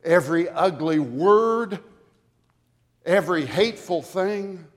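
Slow, dramatic male preacher in a reverberant church. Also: high voice, expressive. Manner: dramatic, slow emphatic delivery with swelling loudness. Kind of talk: sermon. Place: church sanctuary. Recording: long hall reverb from a church. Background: congregation audience.

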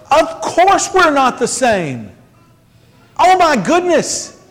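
A man preaching a sermon in a church, conversational and joking with quick asides. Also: very high voice. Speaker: pastor. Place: church sanctuary. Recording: long hall reverb.

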